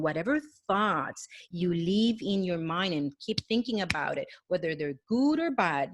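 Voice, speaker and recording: A woman's voice: medium pitch, no room sound. A middle-aged woman, a wellness coach, giving an earnest, encouraging motivational talk with a guided breathing exercise, speaking straight to the listener.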